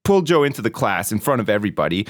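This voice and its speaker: A British man chatting on a podcast, his pitch swinging widely as he tells stories and mimics people in a squeaky voice. The sound is dry and close, with no room around him. He swears freely and keeps a loose, laughing tone. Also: very fast, dry recording. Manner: swears a lot, animated, acts out quotes in a high voice. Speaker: podcast co-host. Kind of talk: casual storytelling chat.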